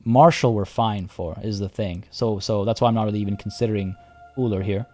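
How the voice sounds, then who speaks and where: A man streaming a strategy game live, talking through his choices out loud and chatting with his viewers. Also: on the low side, steady tone, brisk, soft background music. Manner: chatty, reads chat aloud and thinks out loud.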